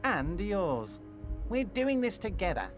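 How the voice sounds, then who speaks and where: An actor playing a jovial, scheming, heavyset male union boss in a video game, speaking in a booming, self-assured, sweeping way. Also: wildly swooping pitch, slow pace, exaggerated voice. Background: game music.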